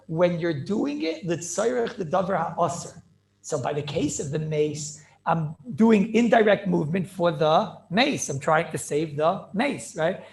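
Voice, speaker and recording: A man teaches a Talmud class over a video call. His voice sits high and swings widely in pitch, a gravelly fry at the ends of phrases. He talks fast and excitedly, repeating words and firing rhetorical questions. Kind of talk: animated yeshiva-style lecture.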